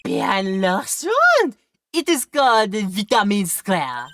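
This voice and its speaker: A woman voicing a suave older French male chef who talks slowly and smoothly and slips in French phrases. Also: mid-range voice, wildly swooping pitch, fairly bright tone.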